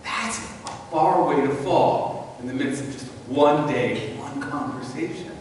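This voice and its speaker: A male pastor preaching a sermon in a church, telling the story in a conversational, animated way with rhetorical questions to the congregation. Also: on the high side, a little slow, slight background noise. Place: church sanctuary. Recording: echoey hall, voice from far off.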